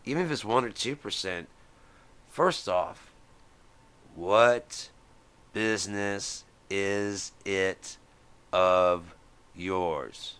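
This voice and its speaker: Deep crisp-voiced man ranting. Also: drawn-out words, pauses often, a bit bright. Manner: profane, heated, acts out quoted voices. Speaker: host. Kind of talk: live-stream rant.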